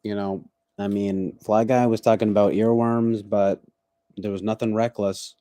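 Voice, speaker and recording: A young man hosting a casual livestream chat, halting and repeating words, drawling some phrases with mock-soothing asides. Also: on the low side, level tone, mellow, clean tone, no echo, studio quality. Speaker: livestream host.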